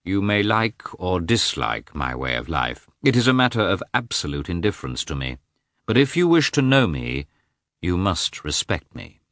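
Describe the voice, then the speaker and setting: A man voicing Vronsky, a proud Russian officer who speaks in a measured, cool, courteous way. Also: medium pitch, huge pitch swings, pushed and bright, dry recording, clean studio sound, pitched above the performer's own voice, exaggerated voice. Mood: cold.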